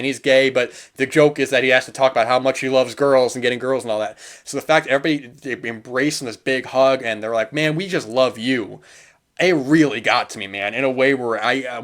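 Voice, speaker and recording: A man's voice: mid-range voice, fairly even intonation, quick pace, hardly any pauses, fairly bright tone. A man hosting a film podcast, talking through movies in a loose, earnest monologue full of restarts and fillers. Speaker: podcast host. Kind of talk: casual film review monologue.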